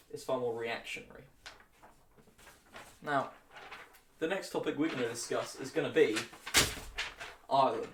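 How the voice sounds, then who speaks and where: A man's voice: mid-range voice, a little hiss or hum. Young man, casual history lecture, flippant asides, distant mic, roomy echo. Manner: flippant, jokey asides with chuckles. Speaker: history tutor.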